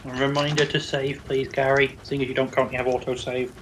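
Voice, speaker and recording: A man's voice: medium pitch, little pitch movement, fast talker, a bit bright, slight background noise, low-quality recording. Matter-of-fact man on stream. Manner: matter-of-fact, helpful reminders. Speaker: co-player on stream. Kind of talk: casual gaming chat.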